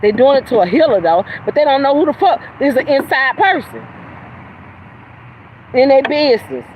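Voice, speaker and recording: A woman hosting a livestream, delivering a heated, profane, confrontational rant that swings from loud outbursts to low mutters. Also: sing-song, normal speed, low-quality recording. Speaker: livestream host. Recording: outdoor traffic noise behind voice.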